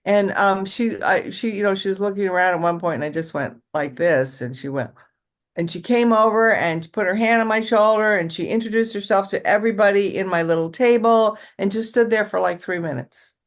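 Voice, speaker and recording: Chatty older actress telling stories. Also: female voice, mid-range voice, a little fast. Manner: chatty, rambling with restarts and acted-out quotes. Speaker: actress guest. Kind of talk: casual interview storytelling.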